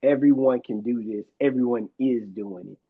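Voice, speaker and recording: A man's voice: mid-range voice, normal speed, breathy edge. A man hosting a podcast in casual conversation, talking in a reflective way. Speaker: podcast host. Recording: slightly dull lo-fi sound.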